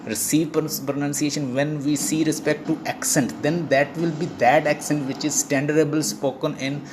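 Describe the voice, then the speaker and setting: A man teaching an online lesson, restating each point in several ways and often pausing on "uh" and "you know". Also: fairly high pitch, flat delivery, noisy background. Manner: explains by repeating points, with many fillers like uh and you know. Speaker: English teacher. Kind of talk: online lecture.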